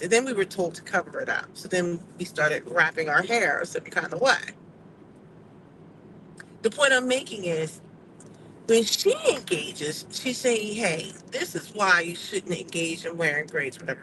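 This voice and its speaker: A woman's voice: medium pitch, pushed and bright, a little hiss or hum, low-quality recording. Sassy, emphatic woman vlogger. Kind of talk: casual opinion monologue.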